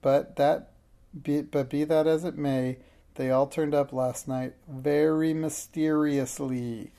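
A man's voice: a little high, steady tone, takes it slowly, mellow. A man doing a pompous nosy townsman. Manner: self-important, blustering then mumbling. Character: pompous, nosy, cowardly middle-aged townsman.

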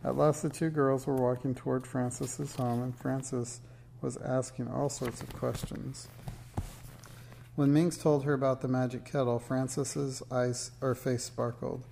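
A man reading a children's book aloud in a steady, measured storytelling way. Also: medium pitch, gravelly, slight background noise. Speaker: narrator.

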